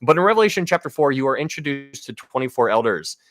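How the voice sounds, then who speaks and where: A man's voice: mid-range voice, big pitch swings, fast, a bit bright, no room sound, studio quality. A man giving a casual Bible teaching on a livestream, speaking to viewers with enthusiasm and frequent restarts.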